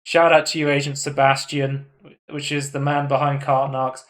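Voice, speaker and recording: A man hosting a casual podcast, chatting in an animated way and swearing often. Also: medium pitch, moderate pace. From United Kingdom. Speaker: podcast host. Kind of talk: casual chat.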